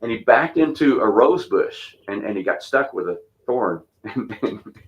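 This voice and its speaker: In an unhurried, relaxed ramble, a pastor from Texas in his fifties shares stories of church missions over lo-fi sound. His voice is low with a light twang, and he keeps circling back through fillers and restarts.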